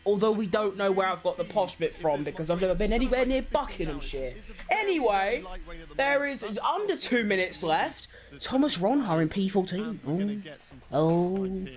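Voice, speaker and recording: A London-accented man streams a watchparty with a high, very lively voice. He reacts bluntly, jokes and swears, and now and then bursts out loud at the screen. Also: moderate pace. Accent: London English. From England. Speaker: streamer hosting an esports watchparty. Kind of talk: casual reaction commentary.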